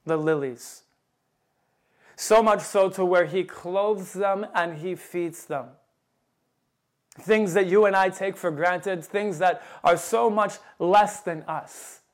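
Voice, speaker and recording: A male preacher delivers a fervent sermon in a high, ringing voice. He leans into old scripture wording and presses his listeners with urgent questions. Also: slow pace. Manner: fervent, rising to loud emphatic appeals.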